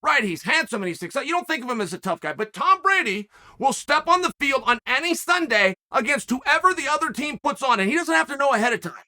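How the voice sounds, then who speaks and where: This commentary host speaks quickly in a very high, expressive voice with a sharp tone. Delivering an animated rant on his own, he talks emphatically and fires rhetorical challenges at the audience.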